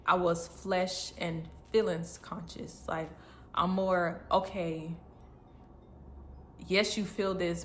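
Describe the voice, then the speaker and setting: A woman's voice: fairly low pitch, a bit bright, slight background noise. Earnest woman sharing a faith testimony. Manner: earnest, repetitive, breaks into tears and laughs. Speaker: faith vlogger. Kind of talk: emotional personal testimony.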